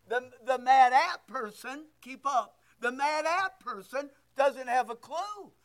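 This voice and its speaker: A man preaching to his congregation. His voice sits very high for a man, and he takes his time, pressing each point home with rhetorical questions. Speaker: pastor. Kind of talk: sermon.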